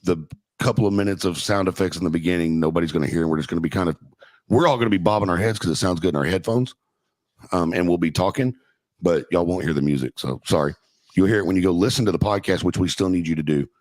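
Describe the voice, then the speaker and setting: A man's voice: low voice, fast talker, a little mellow, no room sound. A man hosting a casual podcast, joking loosely and swearing freely. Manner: loose, profane banter. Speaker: podcast host.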